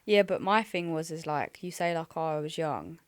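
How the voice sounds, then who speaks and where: A woman's voice: low-pitched, normal speed, dry recording. A young woman chatting on a podcast, slangy and self-mocking about her past. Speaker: podcast co-host. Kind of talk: casual chat.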